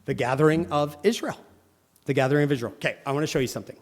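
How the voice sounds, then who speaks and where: In a large church hall, a man with a fairly high voice races through a sermon for his congregation. He teaches through stories, animatedly acting out the people he quotes.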